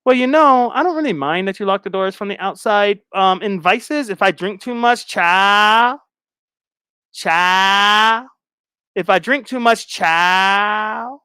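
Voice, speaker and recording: Rambling chatty woman, put on by a man, pitched up, dry close mic. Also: sharp tone, smooth, no echo, heavily acted. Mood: tipsy. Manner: rambling, babbling, fast-talking.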